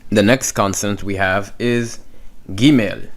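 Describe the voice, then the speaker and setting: A man's voice: fairly low pitch, animated, slow pace. A man teaching Hebrew letters, patiently repeating each sound and stroke several times. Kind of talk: slow step-by-step lesson.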